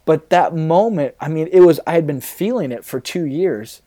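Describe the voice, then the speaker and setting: A man's voice: fairly high pitch, expressive, moderate pace, mellow. A man in his thirties, a pastor, talking candidly in a casual interview, rambling a little with fillers.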